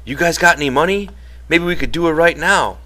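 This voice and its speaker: A man's voice: fairly high pitch, brisk, bright, forceful tone, pitched above the performer's own voice. A man voicing an elderly one-handed ranch hand who talks in an eager, pleading, plain rural way.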